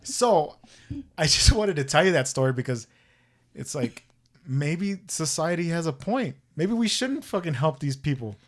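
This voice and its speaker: A man hosting a podcast, telling a story in a casual, profane, animated way and acting out the voices he quotes. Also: on the high side, unhurried. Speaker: podcast host.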